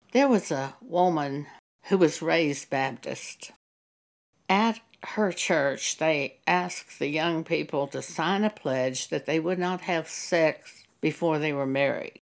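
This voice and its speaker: A woman giving a Christian testimony in a measured, earnest way, often quoting scripture. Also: sits low. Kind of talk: slow spoken testimony with scripture.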